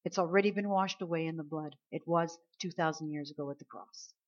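A woman preaching a sermon, dropping to soft, low lines and then rising into loud, drawn-out emphasis. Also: dull audio.

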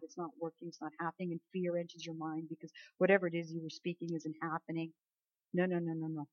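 A middle-aged woman preaching a sermon, swinging from soft asides to loud, emphatic commands. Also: fairly low pitch. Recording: dull lo-fi recording.

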